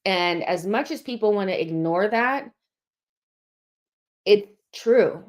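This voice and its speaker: A woman's voice: medium pitch, lively intonation, takes it slowly. A young woman hosting a live football fan stream, chatting casually, a little out of breath as she reads viewer comments. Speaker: host of a football fan show.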